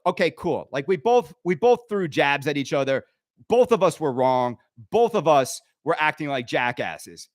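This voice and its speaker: Brief: middle-aged male host, high voice, bone-dry close sound, heated rambling rant. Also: no echo. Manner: animated, swinging between loud outbursts and quiet asides. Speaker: pinball show host. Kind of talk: ranting monologue.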